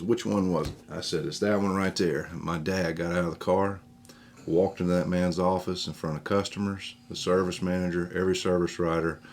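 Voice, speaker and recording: A man telling a personal story in a casual, animated way, acting out the voices of the people in it. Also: deep voice, a little hiss or hum. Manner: animated, acts out quoted voices in his retelling.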